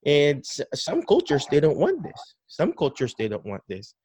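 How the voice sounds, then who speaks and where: A man whose voice is a little high and husky talks at normal speed, with no echo. Interviewed on a podcast call as a dementia care educator, he's animated and full of restarts, acting out how caregivers greet their patients.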